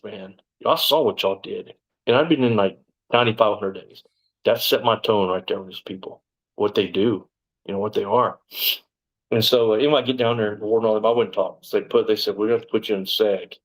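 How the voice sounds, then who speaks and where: A man's voice: lowish voice, fairly quick, rough recording. Blunt, profane man telling a story. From Texas, USA. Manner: blunt and profane, bursts out when quoting himself. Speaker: interview guest. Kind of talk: storytelling in conversation.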